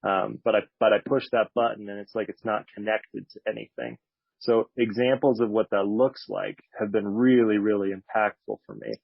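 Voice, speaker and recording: A man's voice: lowish voice, fairly even intonation, moderate pace, vocal fry, dry recording. A man giving a candid, reflective talk about his recovery at a support meeting, with a slightly wry manner, on a dull lo-fi recording. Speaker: speaker sharing at a recovery meeting.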